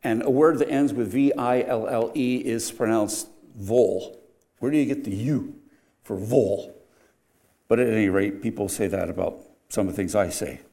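Preaching at a moderate pace, this older male pastor has a fairly low pitch. His sermon mixes wry humor with abrupt shifts from loud emphasis to quiet earnestness.

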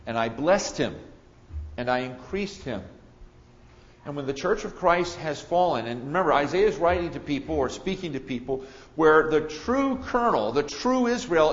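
A man preaching an expository sermon, rising on key words and then dropping low. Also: lo-fi sound. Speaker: pastor.

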